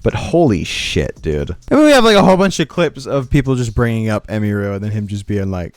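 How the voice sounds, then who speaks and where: A man ranting through a reaction commentary, sarcastic and profane, his pitch leaping up in disbelief. The sound is dry and close to the mic. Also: big pitch swings, a little fast, few pauses, no echo. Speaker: commentary streamer.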